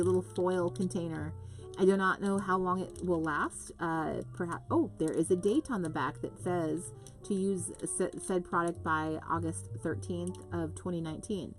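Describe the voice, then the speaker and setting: Chatty woman streamer, lowish voice. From US West Coast. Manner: chatty and rambling, gushing, self-interrupting. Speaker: host of a live craft stream. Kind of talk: casual live-stream chat, reading viewer comments.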